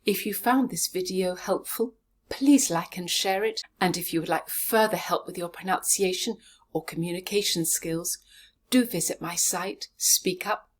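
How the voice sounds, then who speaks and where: A woman teaching pronunciation, sounding words out slowly and deliberately, syllable by syllable. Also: on the low side. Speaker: pronunciation coach. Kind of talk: pronunciation lesson.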